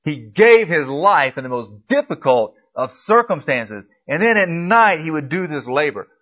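A man preaching a sermon, pressing his listeners with repeated emphatic questions and swinging from quiet, low asides to loud, rising appeals. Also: sing-song, measured pace. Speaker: pastor. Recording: dull lo-fi recording.

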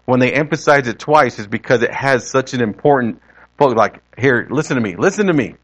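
Male preacher, mid-pitched voice, relaxed conversational sermon delivery. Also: a little fast, lo-fi sound. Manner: conversational, rephrasing as he goes.

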